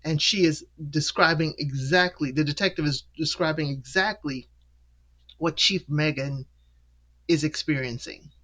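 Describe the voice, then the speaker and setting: A show host chatting through an episode recap in a loose, casual way. The voice leaps up in pitch to act out each character's lines and drops back down for the storytelling, with laughs between points. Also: unhurried. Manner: animated, acts out the characters' lines with pitch jumps.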